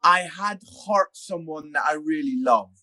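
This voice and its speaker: A father chatting casually as a podcast guest, telling a self-mocking story in an animated way. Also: a little high, unhurried. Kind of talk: casual chat.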